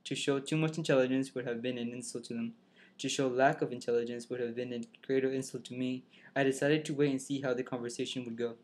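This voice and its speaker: A man reading a novel aloud in first person, halting, restarting words and pausing to comment on the text. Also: medium pitch, steady tone, a little mellow. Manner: halting, restarts and rereads lines, breaks off to comment. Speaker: reader.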